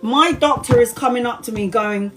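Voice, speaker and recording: A woman's voice: on the high side, moderate pace, fairly bright tone, faint music behind. A woman in her forties telling a story casually on a live stream, laughing often and swearing freely, then giving a tarot reading. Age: 40s. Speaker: tarot reader.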